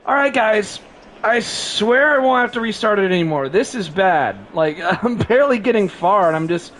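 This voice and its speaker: A man's voice: high voice, lively intonation, normal speed, a bit bright, slight background noise. Chatty laughing male streamer. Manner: chatty and rambling, laughs often. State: coughing, sleep-deprived. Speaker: game streamer. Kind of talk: casual live-stream commentary.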